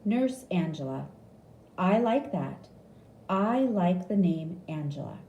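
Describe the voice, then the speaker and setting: Doctor role: calm, quiet, controlling man, read by a woman, echoey room. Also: takes it slowly, dull audio, a little hiss or hum, heavily acted. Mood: businesslike. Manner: raised pitch, speaks quietly.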